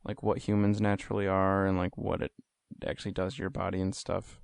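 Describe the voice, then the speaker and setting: A man's voice: sits low, monotone, a little fast, gravelly, dry recording. A young man hosting a podcast, asking curious, playful questions in casual chat. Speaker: podcast host.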